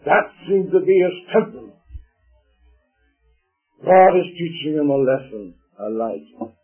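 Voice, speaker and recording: A man preaching a sermon in a dramatic style, swelling to loud peaks and dropping to hushed tones. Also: fairly high pitch, expressive, measured pace. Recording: tinny lo-fi sermon tape with faint music.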